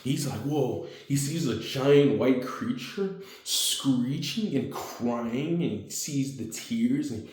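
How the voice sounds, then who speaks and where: A man's voice: medium pitch, takes it slowly, few pauses, a little mellow, echoey room. A man telling a homemade fan story casually, rambling with slang and fillers.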